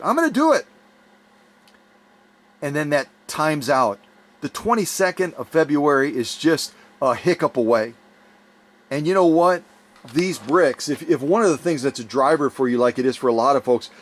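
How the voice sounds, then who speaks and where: A man hosting his channel, making an urgent, repetitive fundraising appeal with a voice going hoarse. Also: mid-range voice. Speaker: YouTube channel host.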